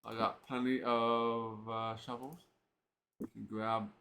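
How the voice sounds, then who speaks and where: A man's voice: lowish voice, little pitch movement, slow pace, gravelly, bright, forceful tone, a little hiss or hum. A man streaming an old computer role-playing game, thinking aloud casually with lots of filler words. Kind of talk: let's play commentary.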